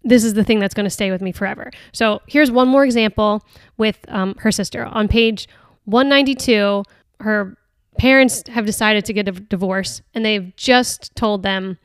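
A woman's voice: medium pitch, fairly even intonation, moderate pace, clean tone, no room sound, clean studio sound. A woman hosting a podcast, talking casually and earnestly about a book, hesitant, with many restarts and fillers. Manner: earnest and chatty. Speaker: podcast host. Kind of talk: casual reflective talk on a book.

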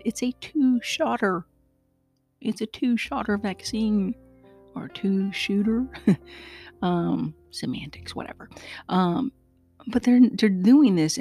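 Outspoken woman host, warm mellow tone, mid pitch, faint music under her. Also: vocal fry. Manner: earnest, outspoken, with frequent fillers and asides to listeners. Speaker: podcast host. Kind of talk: casual solo podcast monologue.

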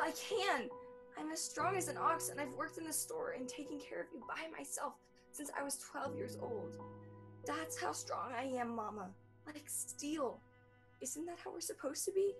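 An actress playing a childlike grown woman who pleads with her stern mother in an earnest, halting way. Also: high voice. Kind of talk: stage drama acting.

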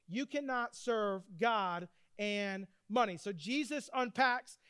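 A man preaching a sermon, telling stories with energy and reading scripture slowly. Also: extremely high pitch, clear, resonant tone, no room sound, clean studio sound. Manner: animated storytelling preacher, reads scripture slowly. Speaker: pastor.

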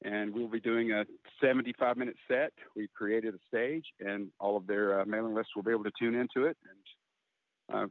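A middle-aged man, a country singer interviewed as a guest, speaking openly and earnestly in a halting, candid way. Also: fairly low pitch, fairly even intonation, no room sound. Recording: tinny phone-like line, dry.

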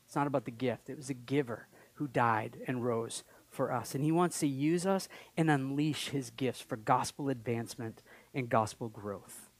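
A pastor giving a sermon in a casual, conversational way, acting out little dialogues and moving between quiet reflection and loud enthusiasm. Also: male voice, medium pitch, normal speed. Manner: conversational, acts out quoted dialogue, swings between soft and loud.

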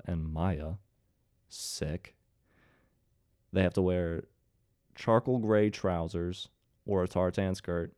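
Low and mellow, this young Ohio man's voice comes through a dry, clean studio recording. As a commentary host in his twenties, he spins a casual story for viewers, full of sarcastic, joking asides.

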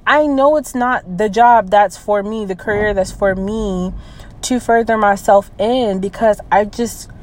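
A woman in her early twenties venting in a personal vlog. She talks hesitantly, with many fillers and trailing restarts, and sounds low and close to tears. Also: a little slow, a little mellow, a little hiss or hum, rough recording. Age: 20s. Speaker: vlogger.

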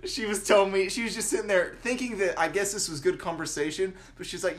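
A man's voice: high voice, fairly even intonation, quick pace, few pauses. A young man from the Southern United States casually telling funny workplace stories, laughing often and imitating coworkers. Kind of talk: casual storytelling chat.

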